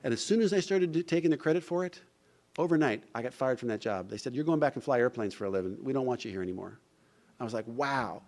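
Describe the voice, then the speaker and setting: A man's voice: medium pitch, lively intonation, fast talker, a little mellow. A middle-aged man from New Jersey giving a recovery talk, telling his story and acting out the dialogue, with frequent "you know" asides. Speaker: recovery speaker. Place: event hall.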